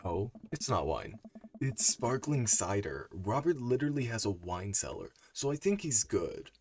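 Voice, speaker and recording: A man's voice: on the low side, sing-song, moderate pace, darkish tone, a little hiss or hum. A man reading aloud as a laid-back, friendly young dad in a game, easygoing and chummy. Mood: casual.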